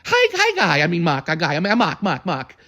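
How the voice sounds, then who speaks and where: A man imitating a spry, energetic, very old woman who chirps greetings and muddles names. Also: fairly high pitch, fairly quick, heavily acted. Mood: chirpy.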